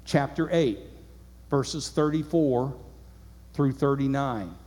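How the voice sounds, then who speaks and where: A man's voice: mid-range voice, slow pace, warm tone. A man preaching a sermon, reading scripture aloud and asking his listeners earnest rhetorical questions. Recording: long hall reverb.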